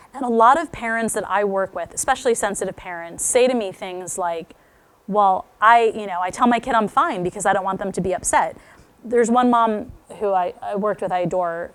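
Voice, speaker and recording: A woman speaking to parents at a school talk, telling stories with lively acted-out quotes. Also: mid-range voice. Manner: animated storytelling, acts out quoted speech.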